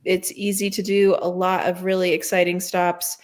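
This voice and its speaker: A woman's voice: flat delivery, moderate pace. Chatty self-deprecating woman author. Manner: chatty, self-deprecating, squeaks into high voices when quoting herself. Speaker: debut novelist guest. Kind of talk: casual interview chat.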